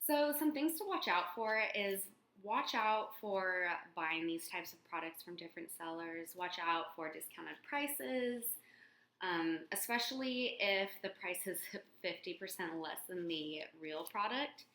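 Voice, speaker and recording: A young woman in a casual beauty vlog, talking in a halting way with many fillers and restarts. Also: fairly low pitch, expressive, sharp tone. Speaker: beauty vlogger. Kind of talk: casual product comparison vlog. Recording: echoey room.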